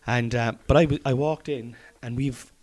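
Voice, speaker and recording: A man's voice: mid-range voice, fairly even intonation, normal speed, a little mellow. Chatty Irish man by the fire. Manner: chatty, swears often, rambling. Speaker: podcast host, comedian. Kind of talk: casual chat. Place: study by an open fire at home.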